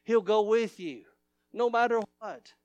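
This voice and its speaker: High-voiced fervent preacher man. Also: a little slow, no room sound, dull audio. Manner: swings from loud shouting to hushed, low intimate talk; fervent, repetitive preaching cadence. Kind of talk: revival sermon.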